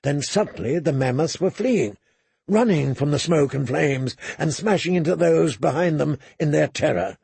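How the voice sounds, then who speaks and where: A man reading a dramatic audiobook in a measured way, slipping into hushed low tones for tense moments. His voice is gravelly and a little husky, set slightly high for a man, and recorded dry and close. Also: lively intonation, dry recording. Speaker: audiobook narrator.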